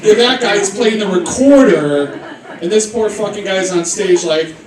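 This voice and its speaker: High-voiced brash young comedian on stage. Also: male voice, measured pace. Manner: brash, profane, self-mocking storytelling. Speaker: stand-up comedian. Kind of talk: stand-up routine. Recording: roomy club sound from a distance, with audience laughter.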